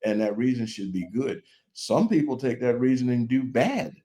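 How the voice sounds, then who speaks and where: A man's voice: medium pitch, expressive, normal speed, dark tone. A middle-aged man, a guest on a podcast, talking in a folksy, conversational way. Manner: folksy, conversational, with many "you know"s. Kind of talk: casual podcast chat.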